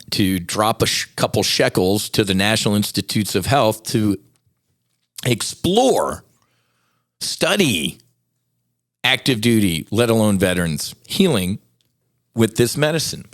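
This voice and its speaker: A middle-aged man hosts a podcast in a low, grounded voice. He talks candidly and builds into emphatic, passionate rants. The recording is dry and close, with no room sound. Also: no echo. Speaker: podcast host. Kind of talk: casual solo podcast talk.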